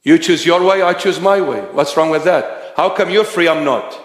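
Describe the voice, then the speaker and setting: Male preacher, high-pitched, bold and shouting at times, roomy hall sound. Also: normal speed. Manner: forceful, rising to shouting. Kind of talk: sermon. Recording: echoey hall.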